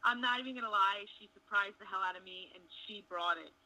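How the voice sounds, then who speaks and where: A woman's voice: medium pitch, a little fast, sharp tone, low-quality recording. A young woman chatting frankly and bluntly as an interview guest. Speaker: interview guest, wrestling contestant. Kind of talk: casual interview chat.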